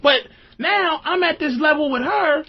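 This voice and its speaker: High-voiced man telling profane stories. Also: measured pace. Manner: animated, profane, acts out voices in quotes. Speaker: podcast host. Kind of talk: casual comedic storytelling. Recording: slightly dull lo-fi sound.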